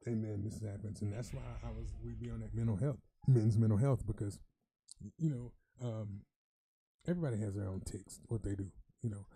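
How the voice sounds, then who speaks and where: A man co-hosting a podcast in a studio, talking in emotional bursts that get loud when he tells stories. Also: fairly low pitch, brisk, slight background noise. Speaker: podcast co-host. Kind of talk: casual podcast chat. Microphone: studio mic.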